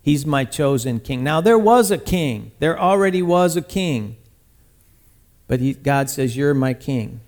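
A man preaching a sermon, retelling a scripture story in a lively, conversational way with sudden loud bursts. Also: on the high side, measured pace. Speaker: pastor.

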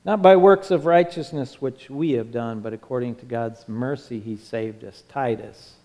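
A male pastor preaches in a church sanctuary with an impassioned, rising and falling cadence and lots of repetition. His mid-range voice is dark in tone and moves at a normal speed. The recording has long hall reverb with music underneath.

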